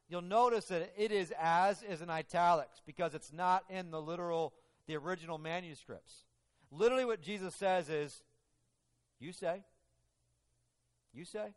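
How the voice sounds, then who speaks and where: A man preaching a sermon, telling the story in an animated way and acting out the quotes. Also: high voice, long reverb tail. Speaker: pastor.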